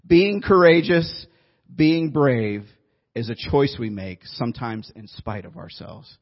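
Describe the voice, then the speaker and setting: Man, pastor, husky voice, chatty storytelling sermon, muffled lo-fi recording. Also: mid-range voice, expressive, slow pace. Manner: conversational storytelling, joking with the audience. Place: church room before a congregation.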